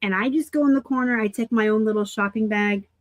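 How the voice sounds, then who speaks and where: A woman from Arizona hosting a casual live unboxing of thrift finds, chatty and quick to laugh at herself. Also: on the high side, dry recording. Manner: chatty, laughs easily, self-deprecating asides. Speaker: reseller host.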